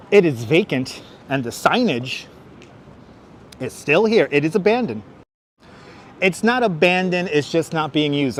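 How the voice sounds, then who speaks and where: A Brooklyn, New York man with a fairly high voice and slight hiss or hum hosts a livestream walking tour on busy city streets. He rambles chattily, tosses in jokey asides, and answers viewers' chat questions aloud, using a wireless clip-on mic with his phone on a gimbal.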